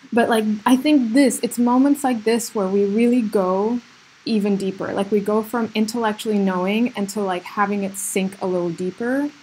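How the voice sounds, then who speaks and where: A woman's voice: medium pitch, moderate pace, darkish tone, husky. A woman host talking alone on her podcast in an earnest, self-reflective way, with lots of "like" and "you know" fillers. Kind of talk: solo reflective podcast monologue.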